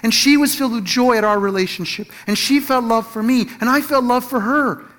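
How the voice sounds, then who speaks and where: High-voiced man telling a sermon story. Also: brisk. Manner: animated storytelling, acts out quotes, laughs at himself. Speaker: Christian teacher or pastor.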